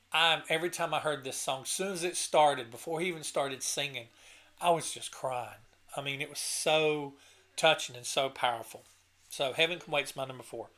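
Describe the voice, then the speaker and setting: This is a man with a fairly high, sharp-toned voice, reviewing an album on his own channel. Speaking casually and emotionally to camera about his favorite tracks, he comes across as eager and sincere, occasionally choked up and often restarting what he's saying.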